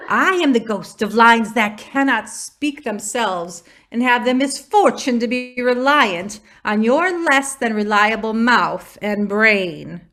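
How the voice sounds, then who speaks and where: A woman's voice: a little high, expressive, slow, hardly any pauses, a bit bright, heavily acted. A woman playing a sarcastic female ghost of dropped lines in a stage play, taunting and theatrical.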